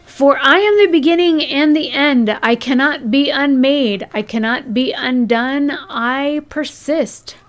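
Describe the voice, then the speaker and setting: Brief: woman reading an ancient commanding witch from a game, slow and solemn, voice a bit high. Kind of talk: reading game dialogue aloud.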